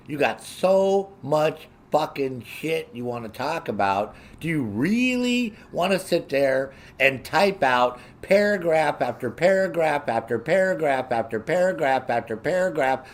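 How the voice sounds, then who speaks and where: A man streaming and ranting casually to his viewers, swearing heavily and sounding indignant. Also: fairly high pitch. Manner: profane, heavy swearing; animated, indignant.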